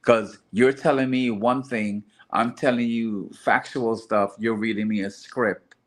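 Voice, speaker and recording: A man's voice: mid-range voice, steady tone, a little slow, slight background noise. A man in casual group chat, earnestly explaining his views step by step. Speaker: host.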